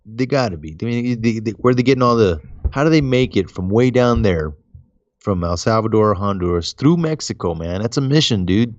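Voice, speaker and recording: A man's voice: on the low side, animated, a little fast, no room sound, highs cut off. A man co-hosting a casual podcast, rambling in slangy speech full of fillers and "man". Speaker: podcast co-host. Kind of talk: casual chat.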